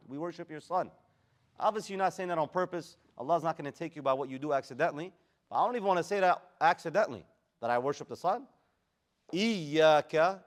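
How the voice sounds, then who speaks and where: A man leads a classroom recitation lesson, chanting Arabic verses and then breaking them down in loose, slangy English. His voice sits a little high for a man and comes through smooth and resonant. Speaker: Quran teacher. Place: classroom with students present.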